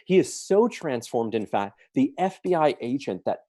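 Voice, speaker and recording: A man's voice: mid-range voice, big pitch swings, normal speed, warm tone, dry recording. A man answering questions at a forum, telling a story earnestly with emphatic stresses.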